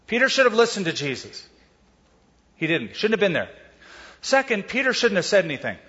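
With big pitch swings and a high-sitting voice that sounds pushed and bright, a pastor speaks fairly quickly. His expository sermon stays conversational, full of asides and rhetorical questions, while the recording is dull with a long hall reverb.

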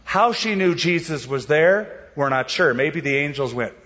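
A man's voice: fairly high pitch, expressive, measured pace, fairly bright tone, big-room sound, highs cut off. A male pastor preaching a sermon in a conversational, explanatory way. He poses rhetorical questions and walks his listeners through the story.

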